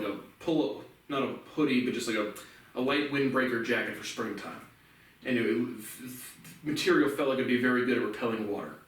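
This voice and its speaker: A man's voice: medium pitch, a bit bright. A young man in his twenties rambles through an indignant, profane story, restarting his sentences as he goes. He sits well back from the mic. The room around him rings with heavy echo. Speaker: vlogger. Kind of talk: casual storytelling rant. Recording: very echoey room, distant mic.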